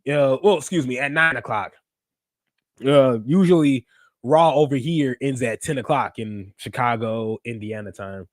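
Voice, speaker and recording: A man in his twenties hosting a podcast, chatting casually and excitably, rambling with lots of fillers and restarts. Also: on the high side, no room sound, clean studio sound. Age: 20s. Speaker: podcast host. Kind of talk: casual wrestling review chat. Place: United States Central time zone.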